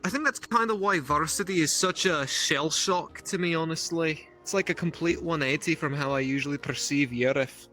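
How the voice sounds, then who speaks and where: A man's voice: fairly high pitch, moderate pace, hardly any pauses, pushed and bright, soft background music. Laughing man retelling a story. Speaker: roleplayer. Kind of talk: casual chat between scenes.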